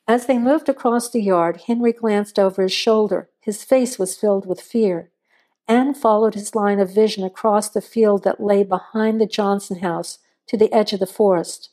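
Mellow-voiced woman reading a suspense story. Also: medium pitch, moderate pace. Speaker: narrator. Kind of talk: scripted storytelling narration.

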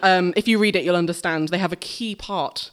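A woman's voice: fairly low pitch, a little fast. A woman performing a dramatic verse reading live on a theatre stage, playful and laughing between lines.

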